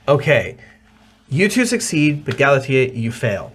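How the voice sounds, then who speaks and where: A man running a tabletop game as game master, calmly giving out rulings and damage. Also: medium pitch, unhurried, breathy edge. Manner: calm rulings, reading out damage and effects.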